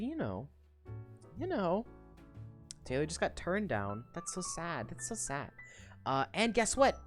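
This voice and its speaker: A young woman recaps a story on a casual livestream, her pitch leaping around in a lively, animated way. She swears freely, giggles often and rambles through fillers. Soft music plays faintly behind her. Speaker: streamer discussing a web serial.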